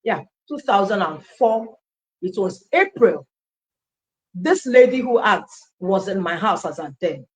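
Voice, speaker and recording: A Nigerian woman recounts her own story as an interview guest, acting out the dialogue of the people she quotes. She talks animatedly at a mid pitch and often slips into Pidgin. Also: sing-song, a little slow. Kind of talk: personal testimony in an interview.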